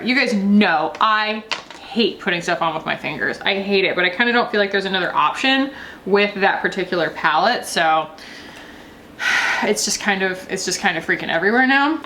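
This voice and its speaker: A woman's voice: mid-range voice, pushed and bright, slight background noise. A woman vlogger talking casually through a makeup tutorial, chatty and loose, often laughing. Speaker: beauty vlogger.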